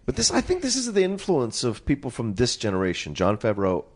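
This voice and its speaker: A quick-talking man co-hosts a film podcast with emphatic, joking energy. His pitch rises and falls a lot. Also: huge pitch swings. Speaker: podcast co-host. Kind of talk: casual film chat.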